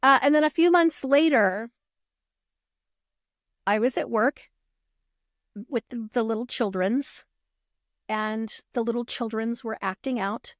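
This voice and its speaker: A woman guest on a podcast, telling stories in a lively, casual way, acting out what people said and swearing freely. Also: fairly high pitch, takes it slowly, pauses often, no echo, studio quality. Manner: animated, acts out quoted voices, swears freely. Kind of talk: casual storytelling.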